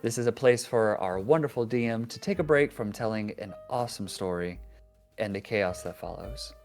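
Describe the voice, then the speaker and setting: A man hosting a casual tabletop gaming podcast, talking in a soft, low-key way. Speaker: podcast host.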